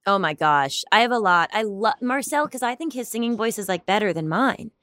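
A young adult woman, an actor and stand-up comedian, chatting in an interview in a rambling way, full of fillers and quick laughs. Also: mid-range voice, expressive, a bit bright, dry recording. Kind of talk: casual interview chat.

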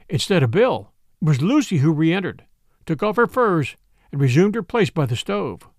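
Man, storyteller, lively pitch, gravelly edge, scripted narration. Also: moderate pace, no room sound, clean studio sound. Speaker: audiobook reader.

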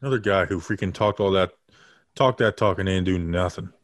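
A man in his late twenties, co-hosting a podcast in casual chat, telling stories in an animated way and acting out the people he quotes. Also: sits low, a little fast, dry recording, studio quality. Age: 20s. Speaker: podcast co-host.

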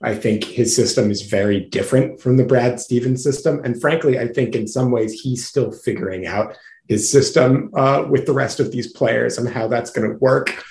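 A man on a podcast panel, relaxed and thoughtful as he analyzes the game. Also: mid-range voice, moderate pace. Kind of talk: casual sports analysis. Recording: echoey room.

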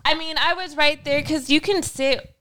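A woman's voice: high voice, moderate pace, fairly bright tone. A woman in her thirties co-hosting a podcast, telling a heartfelt story in an open, chatty way. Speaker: podcast co-host. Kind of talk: casual chat.

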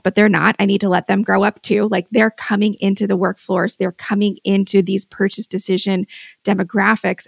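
A woman co-host speaking with an extremely gravelly vocal fry, emphatic and animated, with many fillers. Her voice sounds dry and close, with no room around it. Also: medium pitch, no room sound. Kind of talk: podcast conversation.

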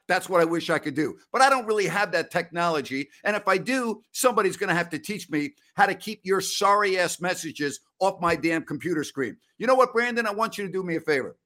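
Middle-aged male sports host, mocking ranter, slightly high-pitched. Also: lively intonation, brisk, few pauses, sharp tone. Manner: fiery, mocking rant with put-on voices. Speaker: basketball post-game show host. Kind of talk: live-stream sports talk with rants.

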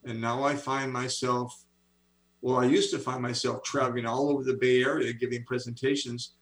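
An animated author and speaker in his seventies shares stories with enthusiasm during a video-call interview. He has a medium-pitched voice and a moderate pace, but the audio is poor.

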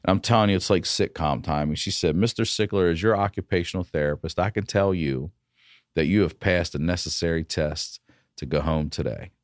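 A man, a comedian guest on a podcast, telling a story in a casual, profane, animated way. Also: low voice, fairly quick, dry recording, studio quality.

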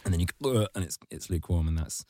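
A man hosting a podcast, ranting comedically in casual chat and jumping into mocking high squeaky voices. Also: lively intonation, racing, warm tone, dry recording. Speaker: podcast host.

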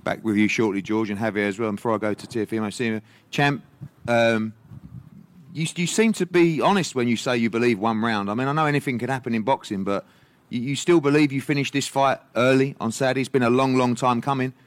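A man hosting a boxing press conference, putting brisk, probing questions to the fighters. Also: mid-range voice, no room sound.

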